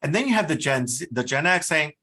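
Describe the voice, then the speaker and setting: Middle-aged male guest, bright and forceful, animated storyteller. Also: a little high, fairly quick, a little hiss or hum. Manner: animated storyteller, mimics voices in quotes. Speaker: guest, career services dean. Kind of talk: conversational interview.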